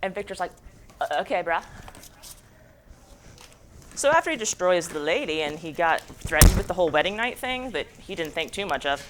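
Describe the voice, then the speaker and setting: A woman's voice: on the low side, big pitch swings, fast talker, hardly any pauses, noisy background. A young adult woman giving a jokey, slangy, casual book summary as a book club presenter.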